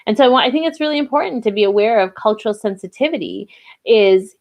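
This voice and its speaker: A woman's voice: a little high, animated, quick pace, darkish tone. A woman giving a diversity training talk in a conversational way, with frequent fillers and restarts. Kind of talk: casual live webinar talk.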